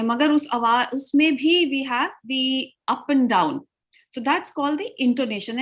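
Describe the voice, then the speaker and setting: Patient Indian woman teaching English online. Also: a little high. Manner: patient and teacherly, switching between English and Hindi. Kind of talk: live online teaching session. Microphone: video call over Wi-Fi.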